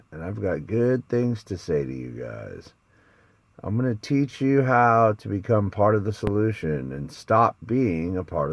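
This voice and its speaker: A man's voice: medium pitch, no room sound. A man who works as a spiritual coach, giving a casual motivational talk to camera, emphatic and preachy, repeating phrases for stress.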